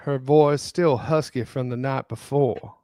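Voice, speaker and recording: A man hosting a podcast, reading a spicy romance story aloud in a deliberate way and breaking off to joke. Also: medium pitch, steady tone, mellow, dry recording. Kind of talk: reading spicy fiction aloud with joking asides.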